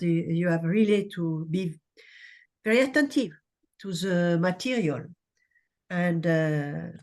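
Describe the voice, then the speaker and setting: A woman with a French accent, a native French speaker, moderating a conference session in halting English with many uhs and restarts. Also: on the low side.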